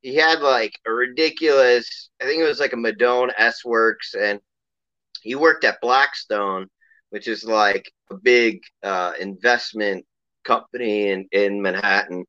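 A man's voice: on the low side, unhurried, bright, forceful tone, no room sound, muffled recording. A man from New telling a rambling, laughing story as a guest, full of fillers and restarts. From New York City. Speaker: guest, bike company owner. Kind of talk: casual storytelling.

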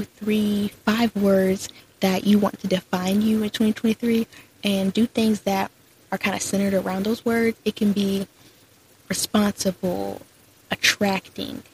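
A young woman hosts her own podcast, talking casually and upbeat on her own and leaning heavily on "like" and "so." Her voice is medium-pitched and a little mellow. The recording is low quality, with slight background noise.

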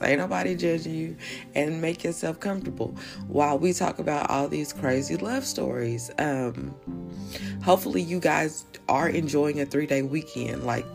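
A woman's voice: deep voice, vocal fry. A woman hosting a podcast, chatting casually with playful asides and laughs. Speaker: podcast host. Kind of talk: casual chat.

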